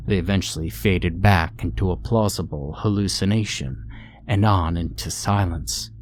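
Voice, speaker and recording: A man narrating a horror story in a steady, ominous storytelling manner. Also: low-pitched, a little hiss or hum. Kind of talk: scripted narration.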